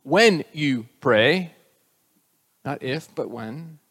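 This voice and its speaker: A man's voice: a little high, expressive, extremely slow, a bit bright. Emphatic man preaching a sermon. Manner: emphatic, rising on key phrases, with casual asides. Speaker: pastor.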